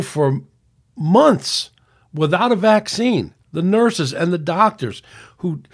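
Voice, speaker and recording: Man in his sixties, opinionated podcast monologue. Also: a little high. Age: 60s. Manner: reads out messages and argues back, frequent restarts. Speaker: podcast host.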